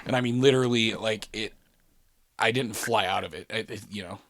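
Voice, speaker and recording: A man's voice: fairly low pitch, a little fast, background noise. A man telling a long, rambling story on a podcast in a casual chat, swearing often and breaking into laughter. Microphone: podcast studio mic.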